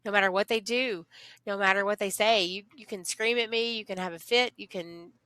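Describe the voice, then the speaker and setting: Woman teacher, heartfelt and animated, close dry mic. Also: mid-range voice, fairly quick, no room sound. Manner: earnest, animated storytelling, acts out voices of kids. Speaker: teacher, podcast guest. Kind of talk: casual interview chat.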